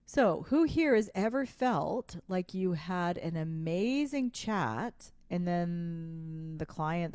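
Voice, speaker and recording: Woman, low pitch, mellow tone, dry close sound, emphatic coaching, live stream, repeats slogans. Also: dry recording. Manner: emphatic, preachy, repeats slogans and asks chat to respond. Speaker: sales coach hosting a live online challenge.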